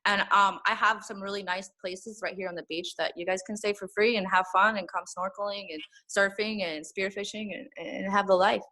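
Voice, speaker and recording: A woman's voice: medium pitch, fairly even intonation, moderate pace, hardly any pauses, sharp tone. A middle-aged woman calling into a podcast, blunt, brash and teasing in casual chat. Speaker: caller, MMA fighter.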